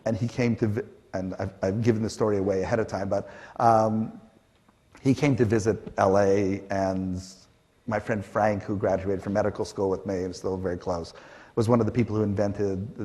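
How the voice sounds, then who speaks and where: A man's voice: fairly low pitch, brisk. A middle-aged man from Canada, telling stories on a conference stage with fillers and acted-out quotes. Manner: animated, acts out quotes, frequent fillers. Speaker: panel guest. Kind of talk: conversational storytelling on stage.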